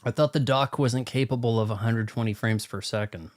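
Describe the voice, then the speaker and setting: Brisk and steady, a young man with a mid-range voice chats casually with viewers while streaming a game live. His talk wanders, and he's quick to mock himself.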